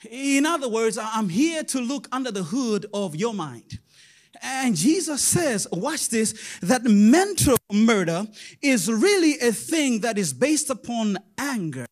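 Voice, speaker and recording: A male pastor delivering a lively sermon, sing-song and chuckling often, calling out to the congregation. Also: extremely high pitch, a little slow.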